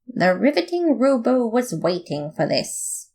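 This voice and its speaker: Woman reader, slow and animated, playful comic podfic narration. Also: lowish voice. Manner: playful, expressive. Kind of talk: first-person comic story narration.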